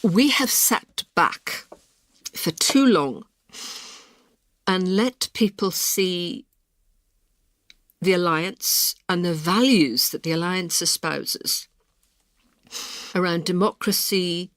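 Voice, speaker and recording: A woman's voice: on the low side, takes it slowly, long pauses, a bit bright, no echo. A woman answering interview questions in a passionate, emphatic way. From Britain. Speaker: politician, interview guest.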